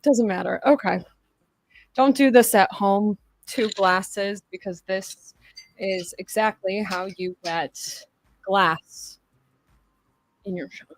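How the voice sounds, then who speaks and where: A young adult woman hosts a livestream, chatting casually in a mid-range voice at a slow pace with long pauses. She rambles, swears and laughs often as she talks.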